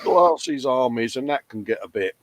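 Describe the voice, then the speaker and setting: A chatty British man in his fifties with a mid-pitched voice, jokingly reading out viewer comments in a casual stream. He keeps calling people "mate", and the sound is dry and close, with no room around it. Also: wildly swooping pitch, moderate pace, vocal fry, no echo. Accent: British English. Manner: chatty, jokey, says "mate" a lot. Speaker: livestream co-host.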